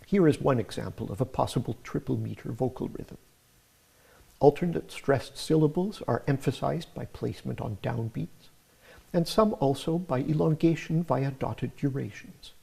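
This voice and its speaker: A man narrating a scripted music lecture in a measured, explanatory way. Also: mid-range voice, gravelly, dark tone, slightly rough.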